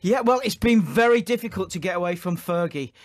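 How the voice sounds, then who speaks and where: A man's voice: high voice, expressive, fairly quick, dry recording. A man on a sports radio show, chatty and full of anecdotes. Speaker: radio pundit. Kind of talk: casual radio banter.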